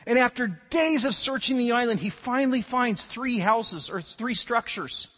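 A man's voice: very high-pitched, brisk, in a large hall, muffled recording. A man preaching a sermon, telling stories and often repeating words as he starts sentences. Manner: animated storytelling, repeats words when starting. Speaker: pastor.

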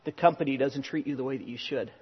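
A man preaching a sermon in a conversational way, telling personal stories, sometimes loud and sometimes hushed. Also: mid-range voice, fast talker, slightly rough, big-room sound, dull audio. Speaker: pastor.

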